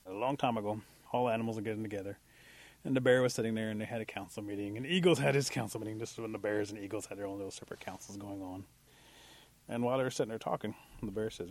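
A man telling a traditional animal tale aloud, bringing the animals to life with lively delivery. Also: lowish voice, rapid-fire, no room sound. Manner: animated, acts out voices of animals. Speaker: storyteller. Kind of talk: oral storytelling.

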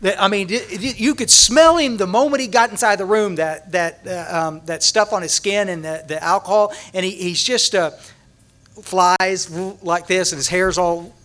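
A man's voice: sits high, moderate pace, few pauses. A man, speaking at a recovery conference and animatedly acting out a story for the audience, with many restarts. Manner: animated, acts out scenes, frequent restarts. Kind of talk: storytelling talk to a large audience.

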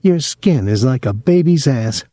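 A man's voice: medium pitch, expressive, a little slow, mellow, no echo, studio quality, pitched above the performer's own voice, close to an everyday voice. A man voicing a bold teenage boy, confident and mock-pompous. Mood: taunting.

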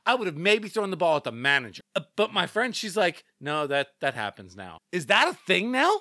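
A man talks in a lively, swooping voice with a bright edge, ranting in disbelief and swearing as he goes. The sound is dry and close. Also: sits high, brisk, no room sound. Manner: animated, swearing, incredulous rants. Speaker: podcast co-host. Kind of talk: casual chat.

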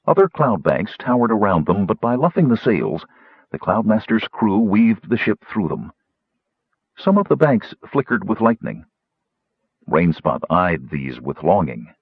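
A man reading a fantasy story aloud, narrating lively and putting on higher voices for the characters. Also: measured pace, slightly rough, dry recording, lo-fi sound. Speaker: audiobook narrator.

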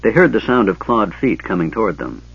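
Low, husky-voiced man narrating. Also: a little fast, no echo, muffled recording. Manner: steady storytelling. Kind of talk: scripted narration.

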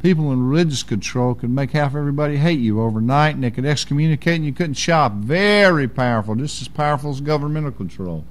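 A man's voice: mid-range voice, animated, quick pace, few pauses. A man preaching a sermon in a folksy, emphatic way.

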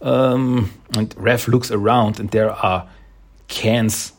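A man's voice: fairly low pitch, fairly even intonation, slow pace. A man casually recapping a comic book issue in a rambling, hesitant way, with many restarts and chuckles.

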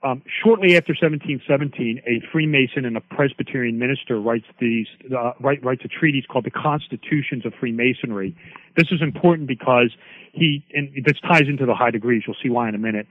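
A man's voice: medium pitch, a little fast, no echo. Man, interview guest, phone-quality audio, dry sound, filler-heavy explaining. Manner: rambling, many "you know" and "um" fillers. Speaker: guest expert on Freemasonry. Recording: dry, tinny phone line.

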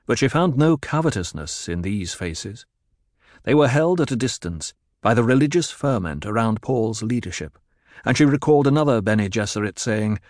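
A man reading a novel aloud in an even, measured narration. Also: mid-range voice, dry recording, clean studio sound. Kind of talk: scripted audiobook narration.

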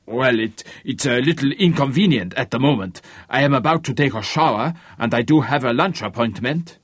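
A man's voice: mid-range voice, lively intonation, normal speed, husky, no echo, studio quality. A man voicing a nervous young man faking a German accent, hesitant and stiffly formal. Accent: put-on German.

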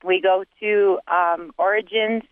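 A woman calling in to a radio show, speaking hesitantly with many pauses and restarts. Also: mid-range voice, fairly even intonation, no echo. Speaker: caller. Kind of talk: phone-in conversation. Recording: tinny phone line.

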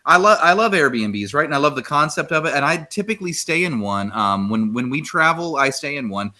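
A man's voice: fairly high pitch, lively intonation, a little fast, pushed and bright. A man co-hosting a casual group chat, ranting bluntly with plenty of swearing. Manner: profane, blunt, laid-back. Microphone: video call.

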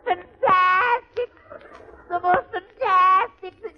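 A man voicing a newly arrived Irish immigrant in a put-on Irish accent, marveling in shrill, drawn-out exclamations, on a lo-fi old radio recording. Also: soft background music. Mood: amazed.

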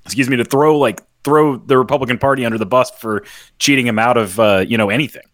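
A man's voice: medium pitch, fast, a bit bright, no room sound, studio quality. Blunt man chiming in on political chat.

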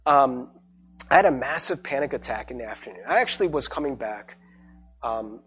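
A man's voice: mid-range voice, fairly bright tone, husky. A young adult man, a pastor, giving a conversational sermon testimony with many fillers and restarts. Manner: conversational, halting with many fillers and repeated words.

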